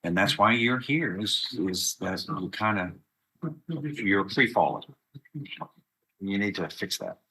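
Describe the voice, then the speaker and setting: Texan judge guy, low voice, bright edge, kinda husky, lecturing the defendant. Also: expressive, slow, pauses often, poor audio. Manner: stern, lecturing. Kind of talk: courtroom hearing. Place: courtroom on a video hearing.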